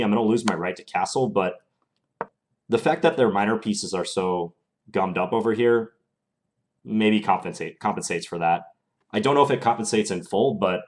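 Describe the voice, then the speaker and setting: A young man streaming chess live, calmly thinking aloud through his moves in a casual, analytical way. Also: on the low side.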